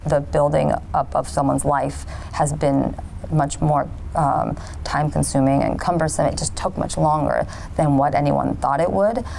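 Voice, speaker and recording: A woman's voice: low-pitched, steady tone, moderate pace, gravelly, dark tone, a little hiss or hum. A woman speaking thoughtfully and reflectively in an interview.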